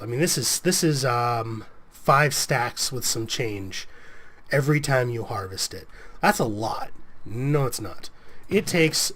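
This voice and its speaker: A let's play host with a mid-range, expressive voice gives casual gameplay commentary at a normal speed. He rambles, corrects himself, and chats freely, sounding a bit sniffly as if a cold is coming on.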